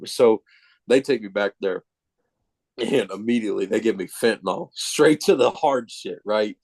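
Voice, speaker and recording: A man telling a personal story as a podcast guest, casual, animated and self-mocking, with plenty of profanity. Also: lowish voice, moderate pace, breathy edge, dry recording.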